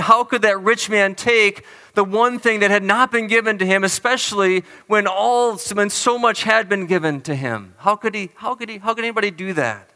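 A man delivers a sermon from the pulpit in a bright, smooth, resonant voice that sits a little high for a man. He preaches earnestly, slowing down to press on the important words. His voice carries a long hall reverb. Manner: earnest, emphatic preaching with slow stressed phrases. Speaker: pastor.

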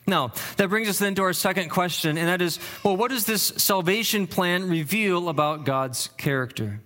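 A man's voice: high-pitched, moderate pace, sharp tone. A pastor preaching an expository sermon, earnest and thinking aloud, often repeating words and lifting his voice to stress key phrases.

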